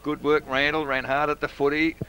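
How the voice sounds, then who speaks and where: An older Australian man giving local radio football commentary, hesitant with frequent fillers and quiet asides. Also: on the high side, little pitch movement, a little fast, slight background noise, poor audio.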